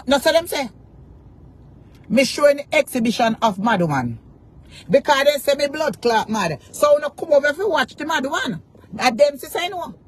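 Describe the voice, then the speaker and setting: A Jamaican woman ranting defiantly to her followers, cursing in Patois and repeating taunts. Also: high-pitched. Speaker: social media personality. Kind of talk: angry rant to camera.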